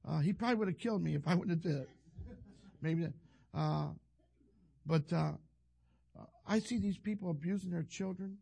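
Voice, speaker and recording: A man's voice: high voice, creaky, darkish tone. An older man, a pastor telling a rambling, folksy story in a sermon. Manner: rambling, folksy, self-interrupting.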